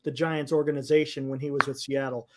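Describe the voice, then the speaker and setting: A man's voice: medium pitch, little pitch movement, fast talker, noisy background. A man co-hosting a casual sports talk show, eagerly jumping in with his points. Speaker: podcast co-host.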